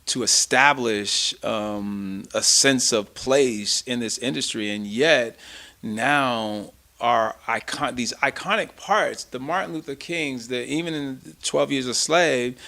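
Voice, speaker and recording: Creaky, bright-voiced man, impassioned. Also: mid-range voice, slow pace. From United States. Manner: impassioned, emphatic, stumbling restarts. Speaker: actor, interview guest. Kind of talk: casual interview talk.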